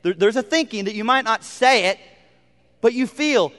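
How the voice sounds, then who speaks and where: A male pastor preaching a sermon, moving from loud emphasis to hushed, almost whispered lines. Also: sits high, lively intonation, normal speed, big-room sound.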